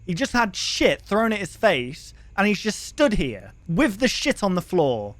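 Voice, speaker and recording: A man's voice: high-pitched, very animated, a little slow, hardly any pauses, a bit bright, no room sound. A young man streaming a horror game, reacting with crude exclamations and frequent swearing. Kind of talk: let's-play commentary.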